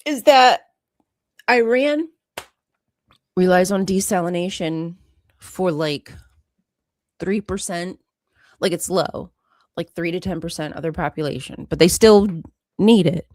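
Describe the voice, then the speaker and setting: Woman podcast co-host, low voice, casual chat, emphatic bursts, dry sound. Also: unhurried, long pauses, no echo. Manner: animated, swings up in pitch and loudness for emphasis.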